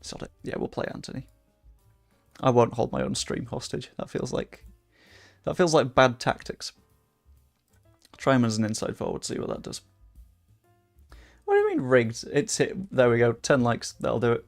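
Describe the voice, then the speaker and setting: A young man talks his way through a game livestream at his desk mic, swearing freely and reacting loudly to each moment. His voice sits in a middle pitch with a rough, gravelly edge. Faint music plays underneath. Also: wildly swooping pitch, moderate pace, long pauses. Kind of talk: casual livestream commentary while playing. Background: faint background music.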